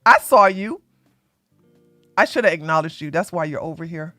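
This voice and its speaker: A woman host doing live-stream commentary in an animated, sarcastic way, often breaking into laughter. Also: deep voice, moderate pace, dry recording, studio quality, faint music behind.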